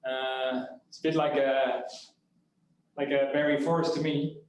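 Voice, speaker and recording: A man in a live coffee cupping, describing tasting notes in a relaxed, hesitant way. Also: mid-range voice, a little slow. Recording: echoey room with faint noise.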